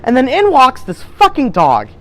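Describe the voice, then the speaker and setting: A man's voice: very high voice, huge pitch swings, normal speed, fairly bright tone. A man telling crude, rambling, indignant stories in an improvised mock band interview. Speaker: comedy troupe performer.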